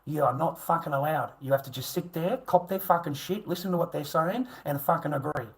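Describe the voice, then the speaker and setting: A man's voice: on the high side, brisk, gravelly, low-quality recording. Coarse, swearing man. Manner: aggressive, crude, swearing and taunting. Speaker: livestreamer. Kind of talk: profane livestream rant.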